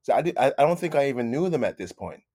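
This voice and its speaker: A man telling stories as a guest in a casual interview, animated, repeating his phrases and calling people "man". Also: medium pitch, very fast, no echo, clean studio sound. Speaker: guest musician.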